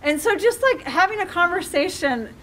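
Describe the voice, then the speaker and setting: A middle-aged woman life coach talks to a community audience in a high, bright voice. She is animated and slips into little acted-out exchanges with her children. A faint hum of the room sits behind her. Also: normal speed. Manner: animated, acts out parent-child dialogue. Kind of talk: community talk with audience questions.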